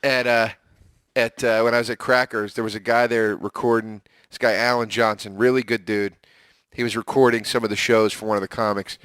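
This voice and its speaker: A man's voice: fairly low pitch, brisk, clean tone, no room sound, studio quality. A man co-hosting a casual comedy podcast, telling stories and acting out the lines of others. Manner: animated storyteller, acts out quoted dialogue. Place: apartment.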